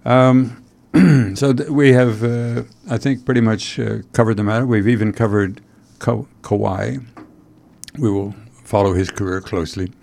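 A man hosting a talk show in casual chat, rambling and halting with frequent fillers and wry asides. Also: fairly low pitch, steady tone, gravelly, darkish tone. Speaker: host.

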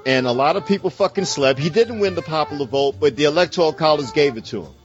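Quick-paced and on the high side, this American man's animated voice carries a fiery political tirade full of nonstop cursing and rising volume. Soft music plays in the background, and the recording's highs are cut off.

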